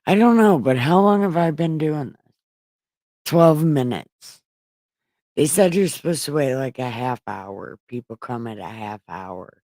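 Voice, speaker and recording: A woman's voice: extremely low pitch, lively intonation, unhurried, dark tone, dry recording. A woman casually reading the Bible on a livestream, stopping to correct herself, swearing in her paraphrases and rambling to her viewers. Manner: irreverent, swears while paraphrasing; rambling, self-correcting, talks to an empty chat. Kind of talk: casual live Bible reading with chatty asides.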